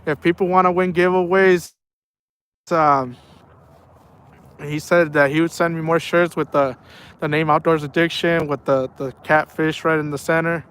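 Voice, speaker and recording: Man, young adult, fishing live stream, playful, slightly high voice, clean tone. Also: fairly even intonation, normal speed, fairly bright tone, clear, resonant tone. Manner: playful, laughs often, reads chat aloud. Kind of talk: casual live-stream chat. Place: outdoors at night by the water.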